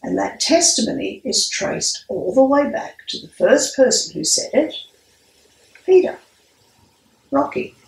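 A woman priest giving a sermon with a measured, storytelling delivery. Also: high-pitched, big pitch swings, creaky. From Australia. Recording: echoey room, mic at a distance.

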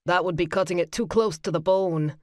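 A woman voicing a gruff, protective Highland man in an audiobook, speaking firmly in a lowered voice. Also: a little fast, no room sound, clean studio sound, close to an everyday voice. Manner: firm, insistent, lowered voice. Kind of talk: audiobook character voice.

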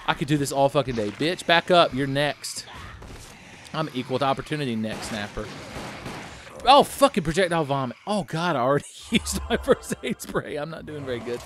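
A man's voice: fairly high pitch, expressive, fairly quick, a little hiss or hum. A man hosting a late-night gaming show, giving profane, sarcastic let's-play commentary, a bit tipsy from drinking. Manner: profane, sarcastic, bursts into yelling.

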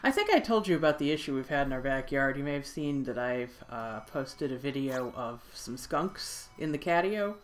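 A woman giving casual let's play commentary while playing a video game, chatty and quick to exclaim. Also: very deep voice, very animated, soft background music.

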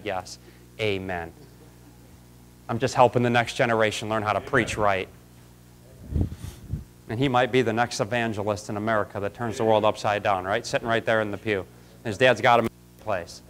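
A man's voice: fairly low pitch, brisk, long pauses, a bit bright, a little hiss or hum. A man preaching a folksy, fiery sermon in a church, calling out congregants by name. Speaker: pastor. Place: church sanctuary.

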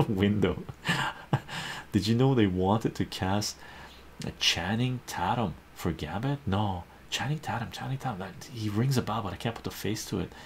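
A man's voice: lowish voice, measured pace, a little hiss or hum. A man hosting a casual live stream, chatting with his viewers, laughing often and reading their comments aloud.

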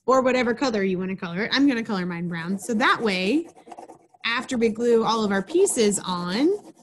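A woman's voice: on the high side, animated, moderate pace, a little hiss or hum. A woman presenting a children's program, reading a picture book aloud and then walking children through a craft in a chatty, instructive way. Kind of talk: storybook reading and craft lesson.

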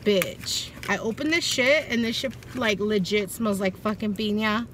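This young vlogger has a mid-range, slightly bright voice and a measured pace as she goes through her shopping haul. Her chat is loose, blunt, and full of profanity, recorded with faint noise in the background.

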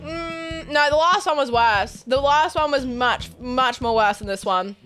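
A young woman streaming a game while eating hot sauces, excitable, often squealing and laughing. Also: sits high, unhurried, hardly any pauses, faint music behind. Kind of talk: gaming hot sauce challenge.

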